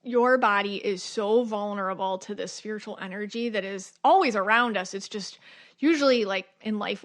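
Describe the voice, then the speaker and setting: Speaking in a mid-range, fairly bright voice, a middle-aged podcast host delivers a casual spiritual monologue. She's chatty, says "like" and "you know" constantly, and plays out the questions she asks herself.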